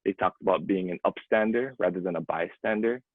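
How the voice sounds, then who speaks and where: A man's voice: sits low, fairly quick, no echo, phone-quality sound. A man, hosting a webinar and reading a gracious, earnest introduction. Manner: earnest, gracious, a few fillers. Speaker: webinar host. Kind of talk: scripted introduction. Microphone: video call.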